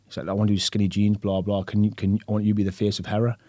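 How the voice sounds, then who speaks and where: Fast-talking man, low and dark. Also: no room sound. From England. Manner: animated storyteller, acts out other people's lines, swears casually. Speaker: guest. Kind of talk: casual podcast storytelling.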